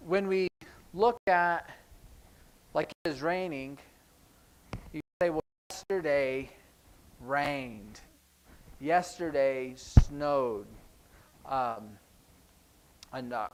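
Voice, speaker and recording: Man in a church classroom running a sign language lesson; rambling, jokey, pitched a touch high. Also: rough recording. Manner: chatty, rambling, jokey asides. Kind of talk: casual classroom teaching.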